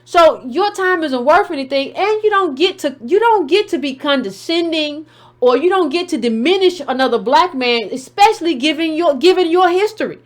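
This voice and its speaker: A woman host with a high-pitched voice and talks back to a caller. She is blunt and combative and repeats herself to keep the floor. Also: expressive, moderate pace. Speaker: show host taking calls. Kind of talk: heated call-in show commentary.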